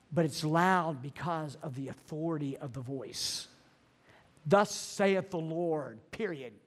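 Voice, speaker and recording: A middle-aged man preaching a sermon, telling stories in a loose, conversational way with restarts and then reading scripture with emphasis. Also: fairly high pitch. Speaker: pastor. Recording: long reverb of a large hall.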